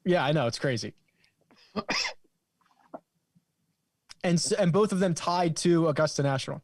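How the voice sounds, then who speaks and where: A man hosting a golf podcast, asking questions in a quick, joking way. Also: a little high, a little mellow. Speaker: podcast host. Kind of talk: casual podcast chat.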